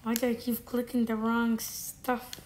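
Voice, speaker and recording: A woman's voice: a little high, completely flat delivery, a little slow. Rambling woman narrating her gameplay. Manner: rambling, self-correcting, thinking aloud while playing. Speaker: gamer. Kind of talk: casual gameplay commentary. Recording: loud background noise with clicks.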